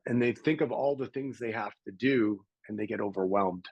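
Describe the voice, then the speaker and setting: A middle-aged man from Canada, a podcast guest telling stories in a lively conversational way and acting out the voices of people he quotes. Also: lowish voice, normal speed, creaky, no echo, rough recording. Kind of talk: conversational storytelling.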